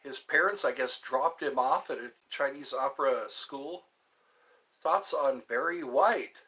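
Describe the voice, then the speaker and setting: A man at home hosts a livestream, casually reading out viewer comments and answering questions in a roundabout way. His voice is medium in pitch, a little slow, and pushed and bright.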